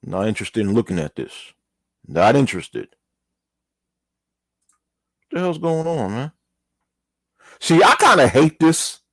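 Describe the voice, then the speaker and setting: Husky man reading news aloud. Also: mid-range voice, sing-song, unhurried, pauses often, no echo. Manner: reads then comments, mild cursing, apologetic asides. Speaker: host reading news articles. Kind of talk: casual commentary while reading aloud.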